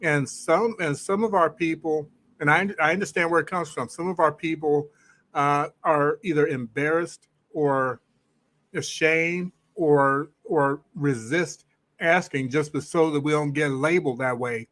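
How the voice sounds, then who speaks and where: A man calling in to a live discussion as a guest, speaking in a measured, thoughtful way with some hesitations. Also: on the high side, fairly bright tone, no echo, low-quality recording. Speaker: guest caller. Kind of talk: casual call-in commentary.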